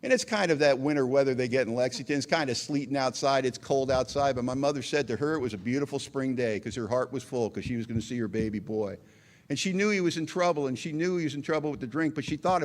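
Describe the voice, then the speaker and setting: A man's voice: mid-range voice, fast. Middle-aged american guy sharing his sobriety story, earnest, pokes fun at himself. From United States. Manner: earnest storytelling with acted quotes and self-deprecating humor. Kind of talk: storytelling talk at a recovery meeting.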